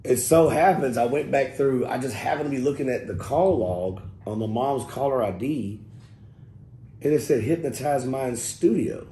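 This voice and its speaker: A middle-aged man, casually telling an interview story in a loose, profane, animated way and quoting people as he goes. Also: mid-range voice, normal speed. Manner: loose, profane, animated retelling with quoted dialogue. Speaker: rapper telling his story as guest. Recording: roomy echo with faint background noise.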